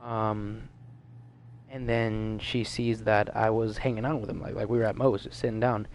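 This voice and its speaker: A man's voice: fairly low pitch, level tone, normal speed, a little mellow, slight background noise. A man of nineteen from the Washington DC area telling a casual story in a rambling, profane way, full of fillers. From Washington DC metro area, US. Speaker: gaming vlogger.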